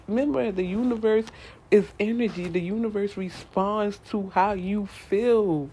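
A woman's voice: mid-range voice, unhurried, dark tone, breathy edge. A young adult woman giving a casual tarot reading to her viewers, chatty and repetitive, talking straight to them as y'all. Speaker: tarot reader.

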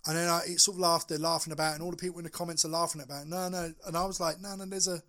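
Bright-voiced man, blunt and sweary. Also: fairly high pitch, flat delivery, very fast. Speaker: podcast co-host. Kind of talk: casual podcast chat.

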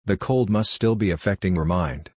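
A man voicing a calm android woman. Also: low-pitched, normal speed, husky, no room sound, clean studio sound. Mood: matter-of-fact. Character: calm female android rescuer, matter-of-fact.

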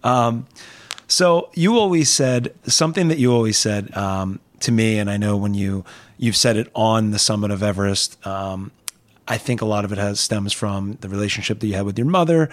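A man's voice: on the low side, normal speed. A man hosting a podcast, asking long rambling questions full of fillers in casual chat. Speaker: podcast host.

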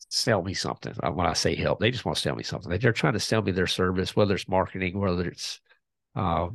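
A man's voice: sits low, gravelly, no echo. A man, a podcast guest casually telling a story and acting out both sides of a conversation.

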